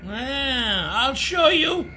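A man's voice: sing-song, extremely slow, a little hiss or hum, heavily acted. A man voicing a small, brash, wisecracking shapeshifter creature in an audiobook. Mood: cocky. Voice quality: high, thin and bright.

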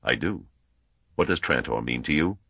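A man voicing an old male scholar who speaks in a grave, measured way. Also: very deep voice, animated, vocal fry, bright, forceful tone, breathy edge, no echo, dull audio, exaggerated voice. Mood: probing. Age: older.

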